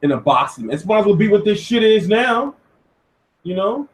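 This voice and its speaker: A man hosting a casual commentary show, talking in an animated, profane rant. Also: sits high, normal speed. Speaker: host. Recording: echoey room, far from mic.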